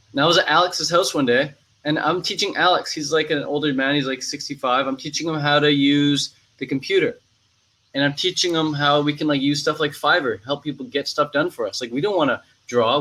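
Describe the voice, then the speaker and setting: A man's voice: fairly high pitch, fairly bright tone, low-quality recording. Laid-back young man chatting casually. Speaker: vlogger. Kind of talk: casual chat.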